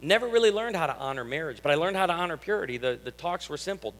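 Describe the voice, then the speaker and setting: A man's voice: on the high side, lively intonation, rapid-fire, a bit bright. A man in his thirties from Illinois, a pastor giving a conversational, humorous sermon and reading scripture aloud. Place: church hall. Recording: long reverb of a church hall.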